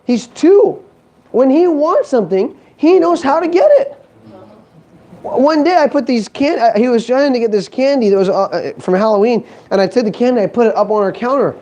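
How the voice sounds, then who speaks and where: Warm-voiced, animated motivational speaker man. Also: very high-pitched, normal speed, highs cut off. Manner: animated, joking, asks the crowd questions. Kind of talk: live motivational talk to an audience. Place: conference hall stage.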